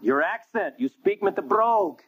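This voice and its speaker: A man putting on a shrill accusing servant woman. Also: very animated, normal speed, husky, exaggerated voice. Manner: pointed, prying, accusing. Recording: tinny phone-like line.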